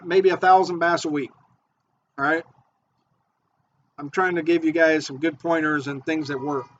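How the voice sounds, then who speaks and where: This fishing bait maker and charter guide sounds eager and excitable, walking viewers through fishing tips in a relaxed how-to clip and repeating himself as he warms up. He has a somewhat high male voice, recorded with dull, muffled sound and a little background noise.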